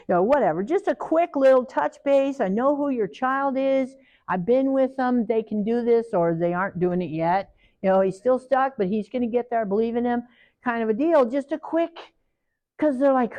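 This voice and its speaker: Middle-aged woman teaching a group, lively, does little voices for parents and kids. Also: on the high side, moderate pace. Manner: animated, acts out parents and children in quoted voices. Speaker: trainer. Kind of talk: training talk to a live group.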